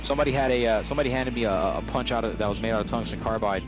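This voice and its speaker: A man's voice: fairly low pitch, very fast, music in the background. A man from California chatting casually over gameplay, ranting profanely with many restarts. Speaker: streamer.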